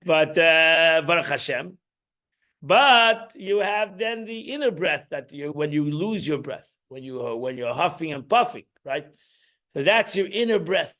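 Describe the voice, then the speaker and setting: A man's voice: a little high, animated, a little slow, pushed and bright. A man, teaching an informal Torah class in a rambling, emphatic way, restarting and repeating himself.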